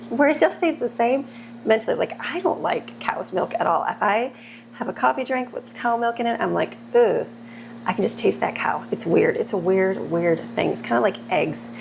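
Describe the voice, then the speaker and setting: A woman's voice: fairly high pitch, lively intonation, normal speed, creaky, a little hiss or hum. A middle-aged woman chatting and rambling while cooking at home, laughing often, on a clip-on mic. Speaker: homemaker vlogger. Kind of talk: casual chat while cooking. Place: home kitchen. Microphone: clip-on mic on shirt.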